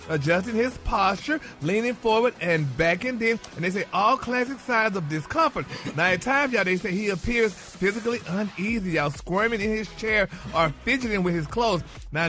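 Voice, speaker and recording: A man's voice: high voice, pushed and bright. A man reading celebrity gossip on morning radio, dropping "y'all" and "honey" into every phrase.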